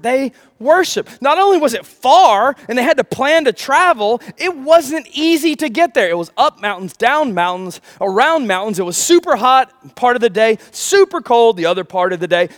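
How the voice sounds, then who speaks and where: Guy preaching, pretty high voice, swings up and down a lot, jokey and animated. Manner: animated preaching with rhetorical questions and humor. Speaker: pastor. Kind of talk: sermon.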